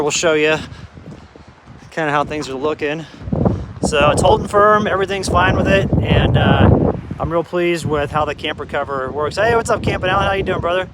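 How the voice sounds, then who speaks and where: A man with a slightly high voice chats easily with viewers on a live stream. He talks from a windy outdoor property through a phone camera. Gusts of wind roar clearly behind him. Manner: easygoing, greets viewers by name as brother. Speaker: off-grid vlogger hosting a live stream. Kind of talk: casual live-stream chat. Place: outdoors on windy rural property and inside a camper. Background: wind noise.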